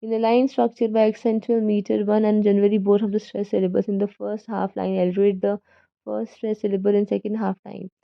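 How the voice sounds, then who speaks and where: A woman reads a poetry textbook aloud with a gravelly, creaky edge in her voice. She goes carefully and sometimes stumbles and corrects herself. The sound is dry and dull, like a lo-fi recording. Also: medium pitch, flat delivery, fairly quick, dry recording. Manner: careful reading with slips and self-corrections. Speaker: student reader.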